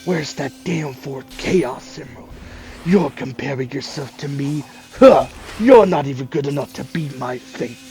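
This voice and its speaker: A man doing a cold, raspy hedgehog antihero. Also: mid-range voice, lively intonation, a little slow. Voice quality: soft raspy voice. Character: brooding male hedgehog antihero, cold and aloof.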